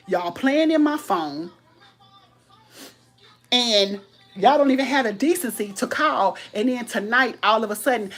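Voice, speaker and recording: Husky animated woman ranting. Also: a little high. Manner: animated, loud, laughing, retelling an argument. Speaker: livestream host. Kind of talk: casual storytelling rant.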